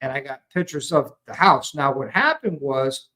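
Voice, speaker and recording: A man with an American accent, a veteran guest telling a long story in a calm, explanatory way with frequent ums. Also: mid-range voice, normal speed, poor audio. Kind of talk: casual storytelling conversation.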